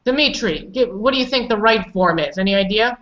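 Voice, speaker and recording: A woman's voice: medium pitch, animated, brisk, fairly bright tone, dull audio. A woman teaching English pronunciation, patiently correcting students and calling on them by name. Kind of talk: online pronunciation lesson.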